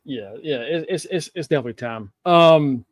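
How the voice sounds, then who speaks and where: A man co-hosting a wrestling podcast, recapping the show in a relaxed way and laughing often. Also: fairly high pitch, moderate pace, no echo. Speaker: podcast co-host.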